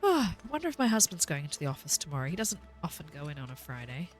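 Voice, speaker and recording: A woman's voice: low-pitched, big pitch swings, rapid-fire, soft background music. A woman in her thirties with a New Zealand accent, chatting casually and laughing while streaming a game. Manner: chatty, rambling, laughs often.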